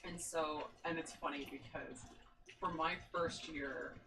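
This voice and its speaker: A low-pitched woman, a podcast guest, tells her story with eager enthusiasm and keeps breaking into laughter. She sits some distance from the mic, and a clear layer of background noise runs under her voice. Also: steady tone, a little slow. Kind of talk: casual podcast chat.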